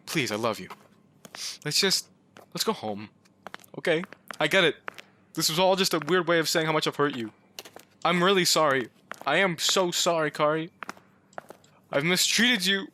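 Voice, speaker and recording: A man's voice: a little high, pushed and bright, a little hiss or hum. A man giving comic let's-play commentary, pleading with his car and joking, breaking into yelps and swearing. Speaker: gaming YouTuber.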